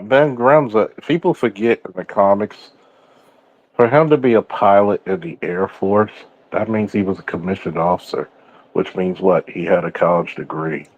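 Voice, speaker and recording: A man's voice: low-pitched, normal speed, no echo, phone-quality sound. A man co-hosting a casual pop-culture chat, talkative and explaining comic lore. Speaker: podcast co-host.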